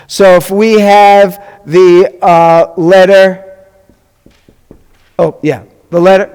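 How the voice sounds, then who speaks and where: A man with a high voice teaches a live class, speaking slowly as he drills sounds with his students. He throws in joking asides as he goes. His voice rings with the long reverb of a hall. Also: little pitch movement, a little mellow, clean tone. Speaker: rabbi teaching a Hebrew class. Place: congregation classroom.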